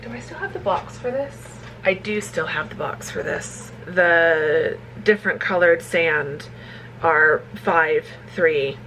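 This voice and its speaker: A woman's voice: on the low side, a bit bright, a little hiss or hum, low-quality recording. A woman author chatting casually in a home vlog, rambling and laughing often as she makes tea. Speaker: romance author vlogger. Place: at home, kitchen.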